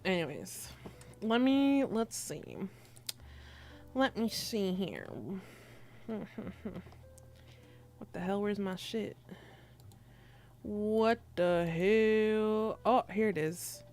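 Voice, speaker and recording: A woman's voice: mid-range voice, lively intonation, slow pace, long pauses, a little mellow, a little hiss or hum. A young woman streamer chatting casually with her viewers, teasing and giggling as she reads the chat aloud.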